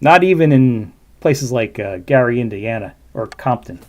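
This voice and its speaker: A man's voice: medium pitch, lively intonation, moderate pace. A man hosting a casual livestream, commenting on a video in a rambling, chatty way full of asides. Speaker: livestream host reacting to a video.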